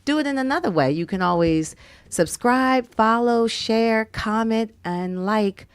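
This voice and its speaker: A woman's voice: a little high, unhurried, clean tone, dry recording. A woman co-hosting a community radio talk show, speaking in an easygoing, conversational way. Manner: easygoing, conversational, repeats phrases. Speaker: radio co-host. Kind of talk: casual radio chat.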